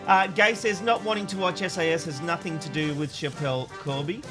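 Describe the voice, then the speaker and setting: High-voiced Australian man reading feedback. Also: steady tone, a little fast, music in the background. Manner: playful, laughs often, restarts lines. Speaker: co-host reading viewer feedback. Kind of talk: casual panel chat.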